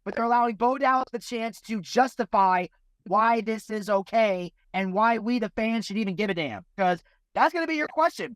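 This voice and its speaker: A man's voice: sits high, animated, moderate pace, fairly bright tone, no echo. A man co-hosting a podcast, making emphatic points and posing rhetorical questions in casual discussion. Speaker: podcast co-host.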